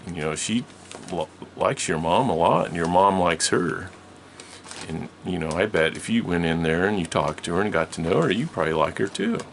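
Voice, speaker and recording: A man voicing a patient, kindly older woman who is his guardian, reasoning calmly with a child. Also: deep voice, normal speed, vocal fry, slight background noise. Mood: reassuring.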